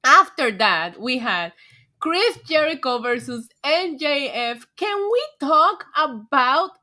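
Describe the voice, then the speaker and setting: A woman hosting a casual livestream, excitable and getting tipsy, swearing freely and laughing often. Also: sits high, slow pace. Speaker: livestream host.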